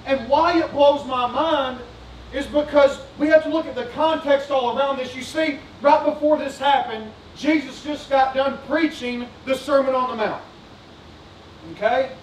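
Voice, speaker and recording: A man's voice: very high-pitched, a little slow, a little hiss or hum. A male pastor preaching a sermon, fervent and repetitive, putting questions to his congregation. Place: church sanctuary. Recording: roomy sanctuary sound, distant mic.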